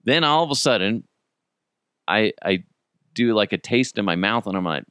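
A man hosts a podcast, telling stories in a casual, profane way. His pitch swings widely as he gets worked up, and he laughs often. The sound is dry and close. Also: lively intonation, normal speed, pauses often, fairly bright tone, smooth, no echo. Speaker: podcast host. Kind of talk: casual storytelling.

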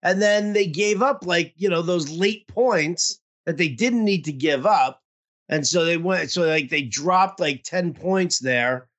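Podcast co-host, male, bright and high-ish, rambling profane storyteller, nursing a toothache. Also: measured pace. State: toothache pain. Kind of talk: casual fantasy football chat.

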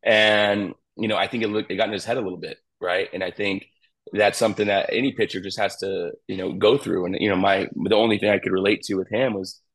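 A middle-aged man, a college pitching coach, talking casually in an interview and rambling with lots of fillers and restarts. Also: fairly even intonation, fairly quick, fairly bright tone, poor audio.

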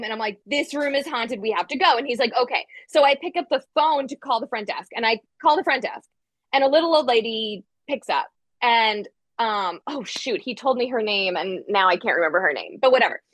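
A woman tells a story in a casual chat, lively and animated, slipping in "like" again and again and acting out what people said. Her voice sits a little high. The sound is dry and close, with no room around it. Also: brisk, no room sound. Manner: animated, acts out quotes, frequent "like" fillers. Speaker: guest storyteller.

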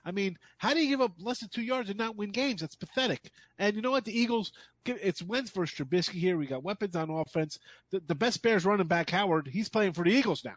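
A man's voice: sits high, animated, fairly quick, no room sound. A man giving sports betting picks as a guest handicapper, speaking bluntly and emphatically with scorn.

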